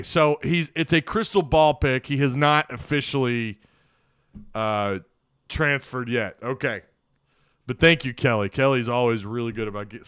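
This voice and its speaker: A man's voice: medium pitch, fairly bright tone, smooth, dry recording, studio quality. Rambling man hosting live sports talk. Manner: rambling, opinionated, frequent restarts. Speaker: sports podcast host.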